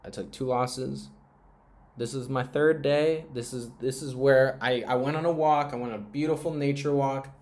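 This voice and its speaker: A man's voice: mid-range voice, steady tone, moderate pace, a little mellow. Young man muttering and rambling on a stream. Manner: rambling, profane, emotional self-talk; often drops to a mutter. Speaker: trading livestreamer. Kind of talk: casual live-stream monologue.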